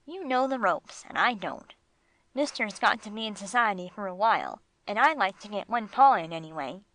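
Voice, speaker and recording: A woman voicing a gruff, streetwise male bulldog with slangy tough-guy talk, read for an audiobook. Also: mid-range voice, expressive, moderate pace, a bit bright, close to an everyday voice, low-quality recording. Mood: blunt.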